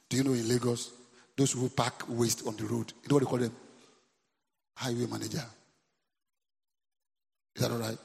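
This Nigerian pastor's sermon comes in a steady, creaky, medium-pitched voice, fairly quick but broken by long pauses, with a long reverb tail from the church. He keeps checking in with the congregation and repeating lines back to them.

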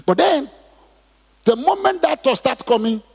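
A man's voice: extremely high pitch, lively intonation, unhurried, gravelly. A man preaching a sermon in church, asking the congregation questions and drawing responses. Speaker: pastor. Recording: reverberant hall.

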